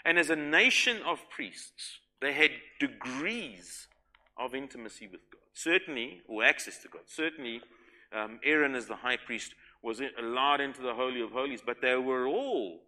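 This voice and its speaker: A middle-aged male pastor preaching a sermon emphatically, dropping to soft, intimate tones at times. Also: mid-range voice, lively intonation, moderate pace.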